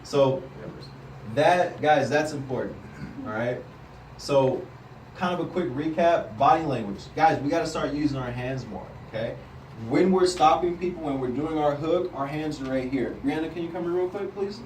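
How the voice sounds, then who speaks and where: An energetic man coaches a group of salespeople in a room, his voice sitting a little higher than most men's. He is heard from some distance, with a roomy echo and a faint hum of the space behind him. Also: moderate pace. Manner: energetic, coaching, often asks the group "right?". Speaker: sales team trainer. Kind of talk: live training talk to a group.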